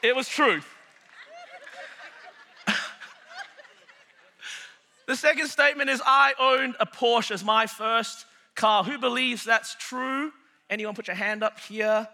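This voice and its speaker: A man's voice: very high voice, slow pace, long pauses, bright, forceful tone. A man in his forties with an Australian accent, preaching a sermon as a pastor, joking with the congregation and then growing earnest. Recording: long hall reverb.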